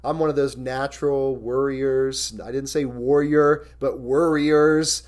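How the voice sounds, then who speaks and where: A male pastor preaching a sermon in an earnest, candid, personal way, reading scripture slowly and deliberately. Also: medium pitch, steady tone, darkish tone.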